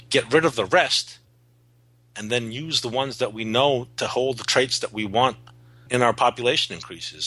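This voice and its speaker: Low husky guy, bright forceful tone, earnest, keeps restarting sentences as he explains. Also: no room sound, rough recording. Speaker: guest, cannabis seed breeder. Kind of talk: podcast interview.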